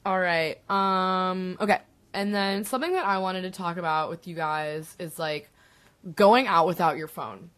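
A woman's voice: lowish voice, unhurried, fairly bright tone. A woman in her twenties co-hosting a podcast, chatting casually with lots of fillers and casual swearing. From United States. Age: 20s. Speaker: podcast co-host. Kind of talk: casual chat.

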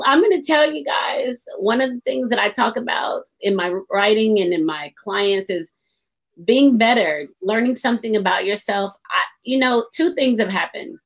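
A woman hosting a radio talk show, chatting openly and expressively and laughing easily. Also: medium pitch.

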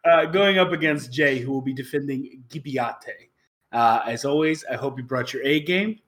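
Halting, laughing podcast host, bright voice. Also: male voice, mid-range voice. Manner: rambling, halting, laughs often. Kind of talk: casual comedy podcast chat.

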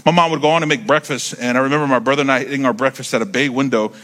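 A man in his thirties preaching, telling a story in an animated, conversational way, repeating words as he builds up. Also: mid-range voice, racing. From United States. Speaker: pastor. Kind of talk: sermon storytelling.

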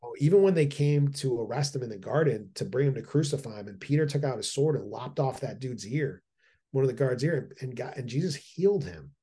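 A man's voice: medium pitch, animated, a little fast, mellow, breathy edge. A middle-aged man talking as a podcast guest, eager and rambling, with frequent restarts and repeated words. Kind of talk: casual podcast conversation.

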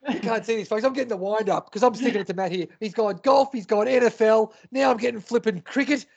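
A man's voice: sits high, quick pace, gravelly, lo-fi sound. An Australian man co-hosting a casual sports podcast, joking and mock-indignant with his co-host.

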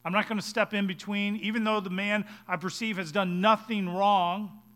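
A man's voice: sits high, level tone, moderate pace, fairly bright tone, pitched above the performer's own voice. A male pastor voicing a weary, indifferent Roman governor inside a sermon. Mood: dismissive.

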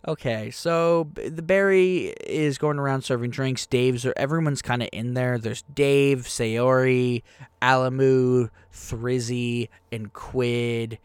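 Young male podcast host and game master, excitable and rambling, crisp and dry. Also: mid-range voice, slow pace, dry recording. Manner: rambling, excitable, self-deprecating. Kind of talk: casual podcast chat.

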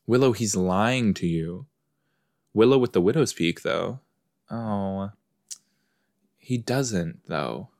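A low-pitched man speaks in an unhurried, drawn-out way while giving casual commentary on an episode as he watches it. He is a podcast host who talks back at the characters on screen in a loose, chatty manner. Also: expressive, creaky, a little mellow.

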